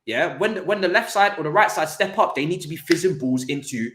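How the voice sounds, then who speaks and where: A man hosts a casual football talk, his voice sitting a little high. He gets animated, restarting and repeating words as he builds his point. The room around him rings with echo. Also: a little fast. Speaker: podcast host.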